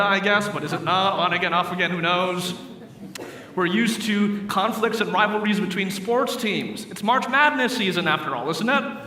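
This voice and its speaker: A man preaching a sermon, telling stories and acting out the characters in a lively way. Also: a little high, far from the mic. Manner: animated storyteller voicing characters in jokes. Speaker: pastor. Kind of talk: sermon storytelling. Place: church sanctuary. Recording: echoey hall recorded from afar.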